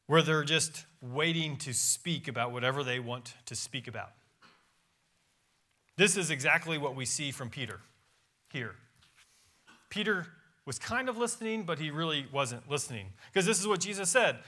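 A man's voice: a little high, lively intonation, normal speed, pauses often, pushed and bright. A pastor preaching a sermon in a church, reading scripture aloud with emphatic rises and drops in his voice. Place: church sanctuary.

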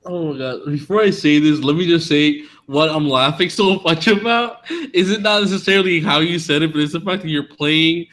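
A man's voice: a little high, moderate pace, a bit bright. A man co-hosting a podcast in casual chat, laid-back and slangy, often restarting his sentences. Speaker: podcast co-host.

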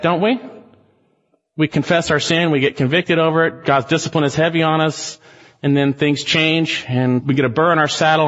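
Emphatic preacher in a reverberant hall. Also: male voice, a little high, a bit bright, dull audio. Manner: earnest, emphatic, addresses the congregation directly. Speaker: pastor. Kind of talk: sermon.

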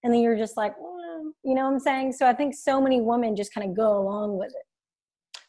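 Woman host, mellow tone, affirming and eager. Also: a little high, steady tone, a little fast. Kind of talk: casual podcast conversation.

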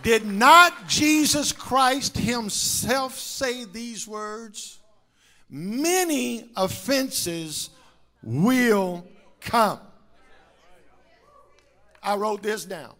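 A middle-aged man preaching a sermon as pastor, rising into shouts and whoops, with a slight cough. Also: very high voice, animated, drawn-out words, pauses often.

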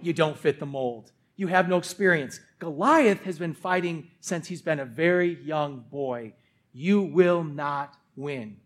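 A man's voice: fairly high pitch, a little slow. A man voicing a doubtful king who dismisses a young volunteer, in a sermon retelling. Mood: dismissive.

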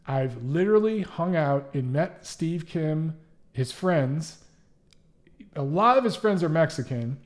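A man's voice: on the high side, darkish tone. Chatty man hosting a livestream. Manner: emphatic, conversational, frequent restarts. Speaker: livestream host and boxing writer. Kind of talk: casual livestream chat reading viewer comments.

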